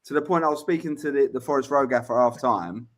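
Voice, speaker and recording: A man co-hosting a relaxed football podcast, his voice sitting right in the middle of the range. He talks bluntly, swears freely and repeats words while he thinks. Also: medium pitch, quick pace. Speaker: podcast co-host. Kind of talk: casual football chat.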